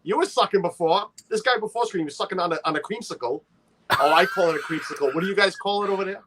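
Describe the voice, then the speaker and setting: Guy hosting a chill livestream, kinda high voice, chatty, shouting out viewers by name. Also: fast talker. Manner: chatty, greets viewers by name, playful teasing. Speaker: livestream host. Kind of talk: casual livestream chat.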